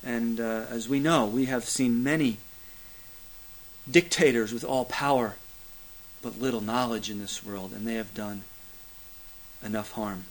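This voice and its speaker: A man preaching a sermon, building to loud emphatic peaks, then dropping to hushed, low lines, with a repetitive preaching cadence and occasional fillers. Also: steady tone, unhurried, pauses often, low-quality recording. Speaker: pastor.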